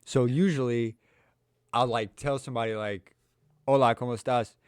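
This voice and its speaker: A man's voice: medium pitch, steady tone, normal speed, darkish tone, clear, resonant tone, dry recording, studio quality. A young man with a Louisville, Kentucky accent, chatting casually on a podcast, running his sentences together and swearing freely. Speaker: podcast host.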